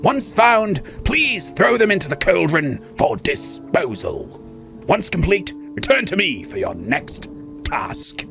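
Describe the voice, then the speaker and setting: A man voicing a courteous but creepy lord of a dark manor, reading game dialogue slowly and formally in a put-on voice. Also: medium pitch, huge pitch swings, gravelly, music in the background, voice pushed down, full character voice. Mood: ominous, courtly. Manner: slow, theatrical, formal speech.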